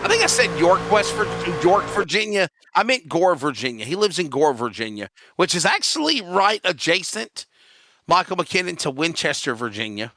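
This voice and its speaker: A man calling a sim racing broadcast as play-by-play commentator, excitable and jokey, shouting when crashes happen. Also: sits high, moderate pace, no echo, clean studio sound. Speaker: race commentator.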